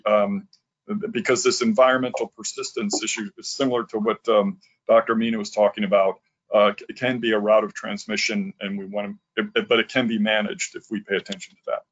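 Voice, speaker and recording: A man giving practical advice on a webinar, speaking hesitantly with many pauses and restarts. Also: fairly low pitch. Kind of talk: webinar talk. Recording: lo-fi online call audio.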